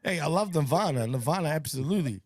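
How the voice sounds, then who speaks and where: A man's voice: on the high side, animated, fast talker. A man hosting a casual wrestling watch-along stream, laid-back and swearing, tacking "man" and "bro" onto his sentences. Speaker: host.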